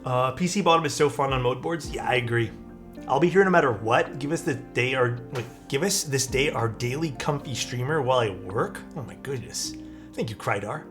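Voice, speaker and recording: A man chatting casually on a live stream, laid-back and low-energy, thinking aloud with fillers and restarts. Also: normal speed, music in the background.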